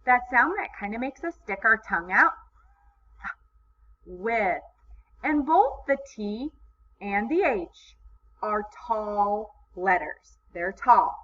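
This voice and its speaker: A woman teaching kindergarten in a recorded video lesson, with slow, encouraging, sing-song teacher talk. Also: medium pitch, lively intonation, a bit bright. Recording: slightly dull lo-fi sound, faint background noise.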